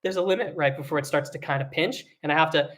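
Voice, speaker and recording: A singing teacher giving an online vocal lesson, explaining technique in a relaxed way with frequent fillers. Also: medium pitch, fast.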